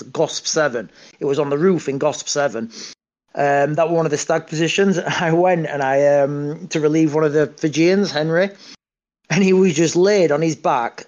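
A man's voice: on the high side, darkish tone. A man guest on a podcast telling military-style anecdotes casually, repeating and restarting words. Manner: hesitant, repeats words, chuckles at own stories.

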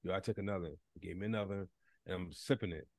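Deep-voiced young man, dry close sound. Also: steady tone, a little mellow, dry recording. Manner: halting, laid-back storyteller. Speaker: podcast co-host. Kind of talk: casual chat.

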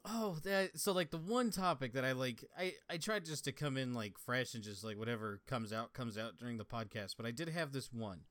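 A man's voice: medium pitch, expressive, a little fast, hardly any pauses, fairly bright tone, no echo. A young man co-hosting a casual podcast, wandering through stories with plenty of swearing and filler words. The recording is dry and close, with little room sound. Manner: rambling storytelling with frequent swearing. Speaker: podcast co-host. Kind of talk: casual chat.

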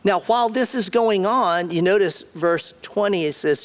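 A man's voice: high voice, normal speed, hardly any pauses. A man preaching a sermon in a conversational way, repeating key words and putting questions to the congregation. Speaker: pastor.

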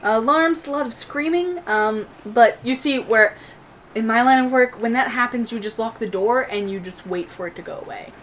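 A woman's voice: on the high side, moderate pace, a little hiss or hum, lightly acted. Woman voicing a jittery young entertainer. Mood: nervous. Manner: jittery, hiding from trouble.

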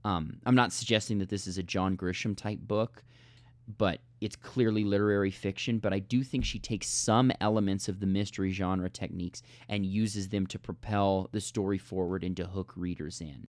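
A man's voice: low-pitched, fairly even intonation, normal speed, no room sound, studio quality. A man co-hosting a book podcast, talking through a novel in a thoughtful, analytical way. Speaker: podcast co-host. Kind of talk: casual book discussion.

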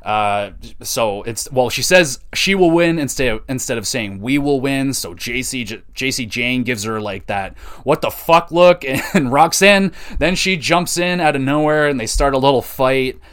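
A man's voice: medium pitch, animated, moderate pace, hardly any pauses, fairly bright tone, smooth. A man hosting a solo podcast, casually reviewing a wrestling show in a loose, rambling way with frequent fillers and casual swearing.

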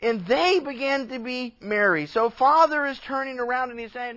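A man preaching with a high, light voice, telling a story and slipping into the voices of its people as he goes. The sound is a bit dull and lo-fi. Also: normal speed, hardly any pauses. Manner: animated storytelling, acting out characters' lines. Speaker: pastor. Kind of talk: sermon.

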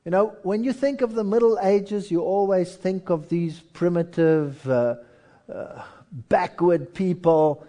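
A man's voice: high voice, unhurried, hardly any pauses. A male preacher delivering a sermon in a storytelling way, acting out voices as he tells history. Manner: storytelling, animated, acts out voices.

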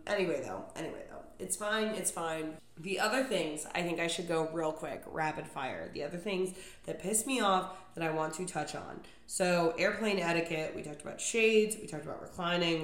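Young woman ranting profanely, roomy echo. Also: on the low side. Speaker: podcast host. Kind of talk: comedic solo rant. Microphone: podcast microphone.

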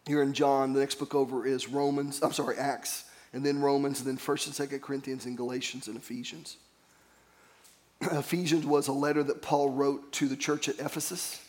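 A man's voice: mid-range voice, flat delivery, moderate pace, darkish tone. A man pastor preaching a sermon, earnest and storytelling, calling on the congregation to repeat phrases after him.

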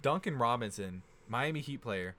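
Lively teenage guy riffing on basketball. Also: mid-range voice, normal speed. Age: teens. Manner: animated, restarts and stumbles over names. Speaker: podcast co-host. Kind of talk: casual sports chat.

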